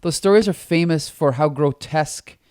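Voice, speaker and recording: A man co-hosting a comic book podcast in casual chat, talking with a lozenge in his mouth and getting animated as he retells scenes. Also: fairly high pitch, normal speed, clean tone. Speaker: podcast co-host.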